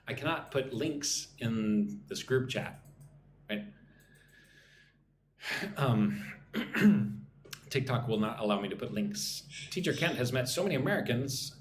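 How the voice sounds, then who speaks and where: A man's voice: medium pitch, lively intonation, unhurried, long pauses, echoey room, slight background noise. A man teaching English on a live stream, reading chat comments and drilling pronunciation.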